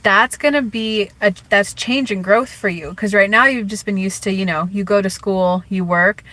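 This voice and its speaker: A relationship and spiritual coach gives advice on a live stream in a bright, forceful, mid-range voice at normal speed, recorded dry and at low quality. She's casual and chatty, full of "like" and "you know", and acts out quoted speech in changed voices.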